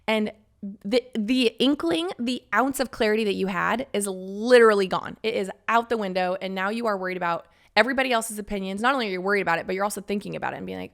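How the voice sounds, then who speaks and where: A woman's voice: mid-range voice, quick pace, creaky. A woman in her thirties hosting a solo podcast, talking candidly and casually with the odd swear word. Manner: candid, chatty, swears casually, acts out quoted friends. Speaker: podcast host.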